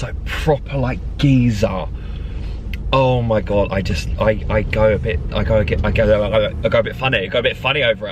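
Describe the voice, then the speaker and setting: A man's voice: mid-range voice, background noise. A man, talking casually and rambling with lots of laughs in a vlog from his car. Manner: animated, rambling, laughs often. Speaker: vlogger.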